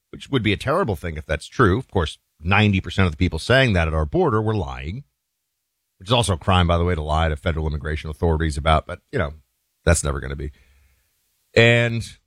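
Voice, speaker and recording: A man's voice: lowish voice, dry recording. A man hosting a talk show, giving an emphatic, opinionated monologue with folksy asides to the listeners.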